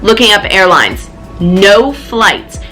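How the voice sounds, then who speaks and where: A young woman telling a story in a casual vlog, animated and emphatic, swearing freely. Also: mid-range voice, slow, soft background music, poor audio. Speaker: fitness vlogger.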